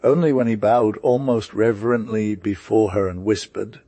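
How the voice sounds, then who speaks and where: Male audiobook narrator, steady unhurried read, low voice, dry sound. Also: no echo.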